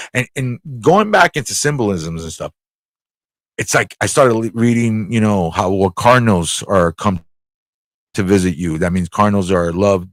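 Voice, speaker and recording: A man's voice: sits low, dry recording. A man hosting a casual live talk show, rambling, swearing freely and repeating himself as he tells a story. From United States. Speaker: show host.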